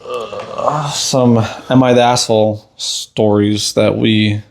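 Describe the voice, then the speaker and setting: A man's voice: lowish voice, fairly even intonation, takes it slowly, gravelly, a little hiss or hum. A young man co-hosting a podcast, chatting casually in a laid-back, teasing way and laughing easily. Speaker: podcast co-host. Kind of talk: casual chat.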